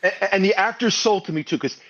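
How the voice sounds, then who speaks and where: A man's voice: high-pitched, quick pace, fairly bright tone, highs cut off. A man talking as a guest on a podcast, casually and with feeling, swearing freely and acting out scenes he retells. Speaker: guest panelist.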